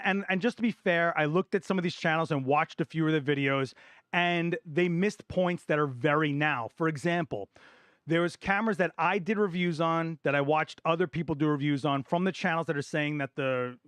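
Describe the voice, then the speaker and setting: Middle aged guy on a live camera q&a, heated and emphatic, bit hoarse, dry close mic. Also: a little high, a bit bright, no room sound. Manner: passionate, emphatic, repeats words for stress. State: voice getting hoarse. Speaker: photography channel host. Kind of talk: live Q&A stream, opinion rant.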